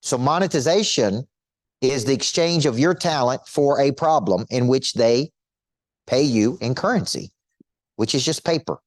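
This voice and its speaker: A man's voice: medium pitch, animated, unhurried, dry recording, clean studio sound. A middle-aged man coaching an audience in a motivational teaching talk, emphatic and repetitive, firing rhetorical questions at listeners.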